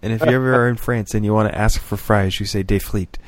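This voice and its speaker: A man's voice: lowish voice, fairly even intonation, fast, no room sound. A man co-hosting a podcast in casual chat, telling wry stories and laughing at them. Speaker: podcast co-host.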